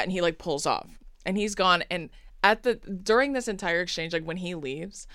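A young woman chatting on a podcast, her slightly low voice smooth and clear, recorded close and dry. She tells a story animatedly, acting out what people said and laughing along the way. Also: moderate pace, dry recording. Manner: animated, acts out quotes, laughs often. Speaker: podcast co-host. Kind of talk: casual storytelling chat.

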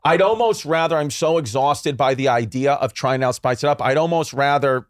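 A man's voice: medium pitch, normal speed, no room sound, clean studio sound. A man in his thirties from New York, a comedian telling rambling, jokey stories in casual podcast chat. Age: 30s. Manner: rambling, animated storyteller with jokey asides. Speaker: guest comedian.

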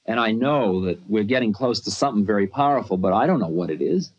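A man's voice: on the low side, expressive, fast. A man telling a personal story in a conversational, self-mocking way, with many asides. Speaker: spiritual teacher. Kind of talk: storytelling talk. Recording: dull lo-fi archive recording.

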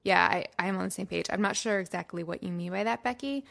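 A woman's voice: fairly low pitch, fast, creaky, fairly bright tone. A woman co-hosting a podcast, chatting casually, laughing often and explaining health topics. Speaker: podcast co-host.

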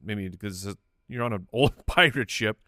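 Playful American co-host man, bright voice. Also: fairly low pitch, normal speed, no room sound, studio quality. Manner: playful, jokey, goofy bits. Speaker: podcast co-host. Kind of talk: casual chat.

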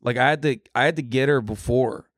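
A man's voice: mid-range voice, a little fast, no room sound. A man chats as a podcast guest in a blunt, swearing, jokey way. His voice sits in a middling register and is recorded close and dry. He talks loosely and laughs along with the hosts. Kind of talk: casual chat.

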